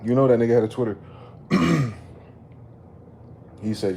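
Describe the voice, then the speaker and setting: A man ranting in a late-night commentary vlog, animated and profane, repeatedly telling listeners to slow down. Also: medium pitch, a little hiss or hum. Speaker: commentary vlogger. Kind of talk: late-night rant to camera.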